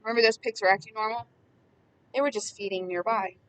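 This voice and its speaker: A woman giving impassioned Bible commentary, emphatic and repetitive, swinging between hushed words and loud ones. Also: fairly high pitch, fairly even intonation, fast, far from the mic, a little hiss or hum, poor audio. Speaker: preacher.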